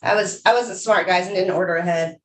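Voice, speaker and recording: A woman's voice: fairly low pitch, a little fast. A woman casually chatting about how she cooked a meal, listing ingredients loosely. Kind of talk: casual chat about cooking.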